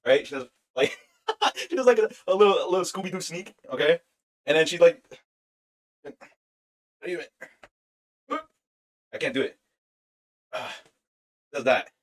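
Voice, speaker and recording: A young man with a slightly high voice chats through a reaction stream, excitable and full of slang. He laughs often and calls out to his viewers. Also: measured pace, long pauses. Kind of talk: casual reaction stream chat.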